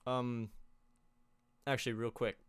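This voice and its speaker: Young male presenter, casual lesson delivery, smooth voice, dry close mic, lots of ums. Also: medium pitch, slow pace, dry recording. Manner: relaxed, many fillers and restarts. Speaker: music theory presenter.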